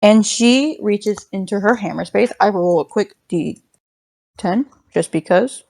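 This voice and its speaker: A woman's voice: mid-range voice, measured pace, vocal fry, darkish tone. A woman narrating as game master in a casual, rambling way, laughing often.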